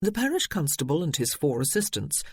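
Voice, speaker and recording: A man reading a novel aloud in steady audiobook narration. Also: a little high, brisk, slightly rough, no echo, studio quality.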